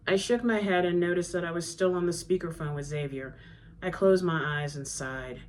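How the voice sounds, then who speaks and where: A woman reads her own novel aloud in a fairly low voice. Her first-person narration is conversational and steady, with a faint background hiss. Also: moderate pace. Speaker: author reading her novel. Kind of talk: audiobook-style reading.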